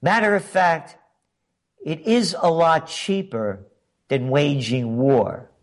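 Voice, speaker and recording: Slow, sarcastic male commentary host. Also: a little high. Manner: sarcastic, emphatic, rhetorical questions. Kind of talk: political opinion monologue.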